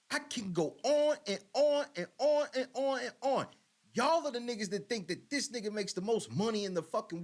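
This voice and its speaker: A man hosting a podcast, reacting to a clip with blunt, profane, mocking commentary. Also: sits high. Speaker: podcast host. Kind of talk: casual commentary.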